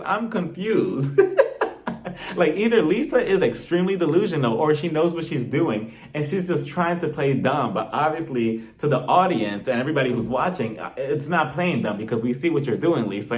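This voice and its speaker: Fields: Role: reality TV reviewer. Style: comedic recap vlog. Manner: sassy, laughs at his own jokes. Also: fairly high pitch.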